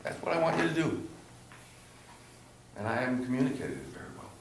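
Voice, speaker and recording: A man directing an actor in rehearsal, blunt and swearing, dropping low then pushing hard, recorded from across an echoey studio theatre. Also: very animated, a little fast, gravelly, slight background noise. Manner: blunt, swearing, swings from quiet to loud pushing. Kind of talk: rehearsal coaching. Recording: echoey room from far off.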